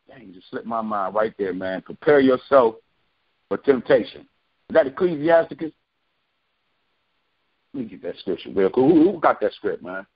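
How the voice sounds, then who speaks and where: Man, animated preaching, husky tone, dull phone-call sound. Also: on the high side. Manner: preachy, repeats phrases for emphasis. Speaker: bible study leader. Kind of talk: conference call bible study. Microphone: phone conference call.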